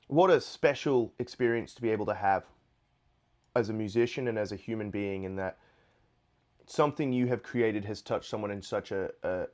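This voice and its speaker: A man, a guitarist, chatting casually to camera in a relaxed, rambling way with many fillers. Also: lowish voice, moderate pace. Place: Nashville. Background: guitar playing.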